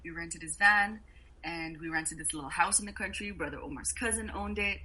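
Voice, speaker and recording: A woman guest on a podcast, telling travel stories in a casual, animated way and laughing often. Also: fairly low pitch, a little fast, breathy edge, rough recording. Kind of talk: casual storytelling.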